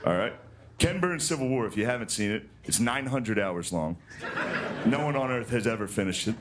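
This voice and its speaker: A man doing a stand-up monologue on a TV studio stage, telling deadpan, self-deprecating stories to a live audience. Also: mid-range voice, moderate pace. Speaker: stand-up comedian. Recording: broadcast audio with audience noise.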